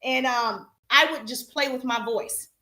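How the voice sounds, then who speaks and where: Southern female sales coach, animated and direct, echoey room. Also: sits high, a little slow. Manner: animated, chatty, addresses audience directly. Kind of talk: live-stream coaching talk.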